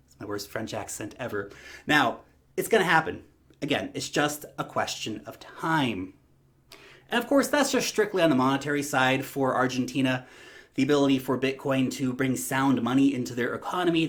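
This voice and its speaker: A man's voice: mid-range voice, fairly bright tone. A man giving emphatic, opinionated vlog commentary, rallying his viewers and calling them "guys". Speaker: crypto vlogger.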